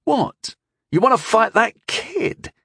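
A man's voice: mid-range voice, lively intonation, normal speed, no echo, studio quality, close to an everyday voice. A man voicing a blunt, eager young male squire with a crude, scheming manner. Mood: incredulous.

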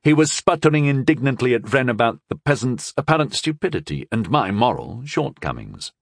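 Expressive male audiobook narrator. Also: medium pitch, brisk, vocal fry, dry recording, studio quality.

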